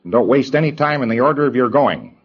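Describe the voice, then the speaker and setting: A man's voice: mid-range voice, expressive, fast, slightly rough, dull audio. A man lecturing trainees in an emphatic way, repeating his points and mimicking hesitant people as he talks.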